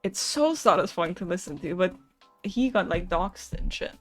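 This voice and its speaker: A woman's voice: on the low side, animated, moderate pace, fairly bright tone, soft background music. A young woman streaming live, chatting casually with viewers between card readings, laughing often and swearing now and then.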